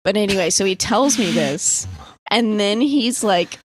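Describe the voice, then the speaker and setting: A woman's voice: medium pitch, expressive, a little slow, slightly rough, no echo. A young woman from the East Coast telling a dream story in casual podcast chat, full of "like" and freely swearing. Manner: rambling, filler-heavy, swears freely. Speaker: podcast guest.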